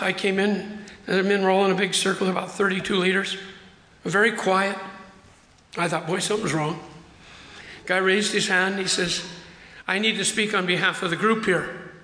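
Older pastor guy preaching, highish bright voice, acts out the quotes, big echoey church. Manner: preaching with dramatized quotes and emphatic slowdowns. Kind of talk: sermon. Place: church sanctuary. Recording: echoey hall.

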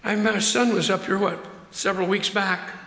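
An older man preaching as pastor of his church, acting out quotes and slowing down hard for emphasis. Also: high-pitched, steady tone, bright, forceful tone. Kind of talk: sermon. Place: church sanctuary. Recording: echoey hall.

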